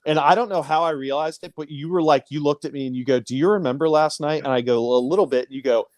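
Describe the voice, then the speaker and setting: A man's voice: fairly high pitch, fast, no echo, studio quality. A man in a band telling crude stories and announcing shows in a casual live-stream chat, boisterous and profane. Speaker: band member.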